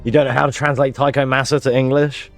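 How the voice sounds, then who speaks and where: A man's voice: mid-range voice, flat delivery, fast talker, faint music behind. A man streaming live gameplay, joking with his chat and explaining his moves as he plays.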